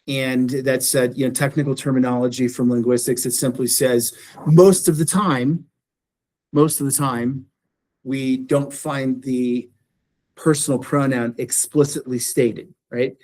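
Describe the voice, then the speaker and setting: A man lecturing a beginning Greek class in a classroom. He explains step by step, restates his points and keeps checking that his students follow. His voice sits in an ordinary middle pitch. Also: fairly even intonation, unhurried, a little mellow. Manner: explanatory, repeats phrases, checks in with "right?". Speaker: Greek instructor.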